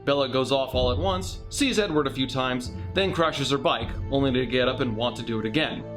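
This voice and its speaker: A man's voice: mid-range voice, brisk, over music. A man narrating a scripted comedic movie review with sarcastic, mocking asides.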